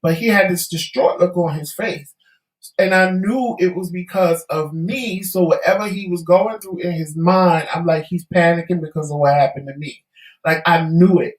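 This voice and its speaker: A man's voice: high voice, steady tone, moderate pace. A man co-hosting a talk show, telling a story casually and acting out the voices of the people in it. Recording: echoey room.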